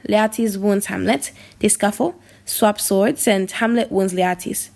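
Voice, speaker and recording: A woman narrating stage directions in an audiobook, quiet and flat. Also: medium pitch, unhurried, gravelly.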